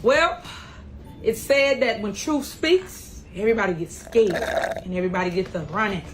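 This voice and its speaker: A woman speaking straight to camera as a podcast host and local official, slow, drawn-out and defiant. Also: mid-range voice, soft background music. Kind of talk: direct-to-camera video address.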